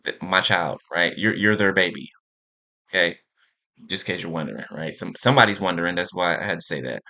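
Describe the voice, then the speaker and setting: A man's voice: sits low, a little fast, bright, forceful tone. A man giving an impassioned spiritual monologue, repeating phrases for emphasis and checking in with "right?" and "okay?". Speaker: spiritual speaker.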